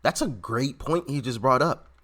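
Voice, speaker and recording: A man giving casual, animated commentary on video clips, often repeating himself and laughing. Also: medium pitch, moderate pace.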